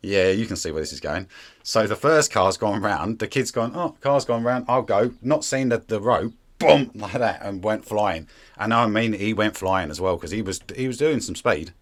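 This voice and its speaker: A man hosting a casual interview, chatty and rambling, often dropping to a mutter. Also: lowish voice. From Britain. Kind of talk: casual conversation.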